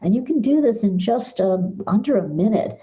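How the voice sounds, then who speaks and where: An older woman psychologist, a podcast guest, calmly guiding listeners through mind-body exercises. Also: mid-range voice, highs cut off. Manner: calm, measured, guides listener through exercises. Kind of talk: podcast interview, explaining techniques.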